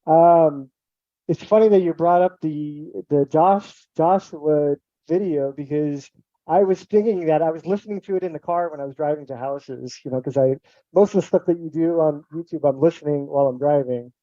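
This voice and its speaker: A man's voice: a little high, normal speed, dark tone, dry recording. A man calling in to a live online session, rambling casually as he searches for his point. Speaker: caller. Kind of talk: casual chat. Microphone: video call. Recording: dull, dry video call audio.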